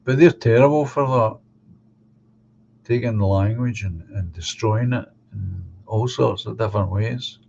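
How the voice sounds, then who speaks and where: A man hosting a live stream, chatting casually and giving opinions, halting and restarting as he talks. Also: lowish voice, gravelly, a little mellow. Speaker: live stream host reading viewer comments. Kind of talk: casual chat. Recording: dull lo-fi sound with faint hum.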